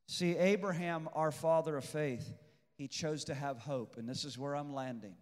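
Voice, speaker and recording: A man preaching a sermon as pastor, swinging between shouted peaks and hushed intensity and repeating phrases for emphasis. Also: a little high, normal speed, long reverb tail.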